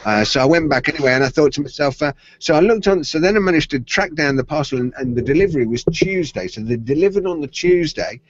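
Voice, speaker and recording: Quick-paced with hardly any pauses, this middle-aged tech podcast co-host spins a playful story in casual chat, performing the voices of its characters. His voice runs on the high side with lively intonation, and the sound is dry and a bit muffled.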